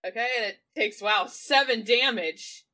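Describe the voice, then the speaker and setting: A woman's voice: on the high side, a little slow, sharp tone. A woman playing a tabletop role-playing game, narrating her character in a playful, giggly way. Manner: giggly, playful, slips into silly voices. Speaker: player.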